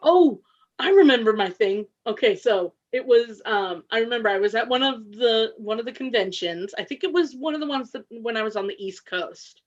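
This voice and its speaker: A woman joining a casual group chat as a guest, expressive and acting out reactions as she talks. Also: a little high, normal speed, highs cut off. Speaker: podcast guest.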